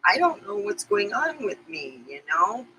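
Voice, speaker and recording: Middle-aged woman rambling candidly, very bright voice. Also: mid-range voice, sing-song, unhurried, slight background noise, poor audio. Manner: rambling, candid, emotional, swears casually. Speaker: vlogger. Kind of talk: confessional vlog to viewers.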